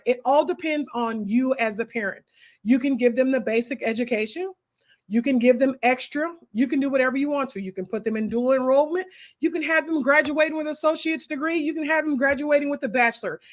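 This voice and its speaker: A woman, hosting a casual homeschooling chat and talking straight to her viewers with lots of asides. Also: high voice. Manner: animated, talks straight to viewers with many asides. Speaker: homeschooling host answering viewer comments.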